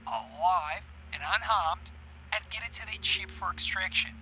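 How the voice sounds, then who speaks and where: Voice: medium pitch, normal speed, pitched above the performer's own voice. Guy doing a cold corporate boss barking orders, crackly played-back audio file with noise all over it. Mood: condescending. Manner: condescending, clipped orders. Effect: played back as an audio message.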